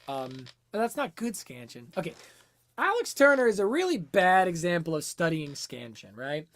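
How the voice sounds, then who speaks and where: A woman with a lowish voice hosts a music-analysis livestream and breaks songs down in a loose, conversational way. She thinks out loud, stops to answer viewers' questions, and leans on fillers as she goes. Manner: chatty, explaining, answering chat questions, many fillers. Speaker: music teacher and livestream host.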